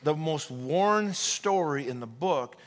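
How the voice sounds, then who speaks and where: Brief: male pastor, fairly high voice, animated sermon storytelling, long church reverb. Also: slow. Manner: energetic storytelling, many restarts and repetitions. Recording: long reverb of a large hall.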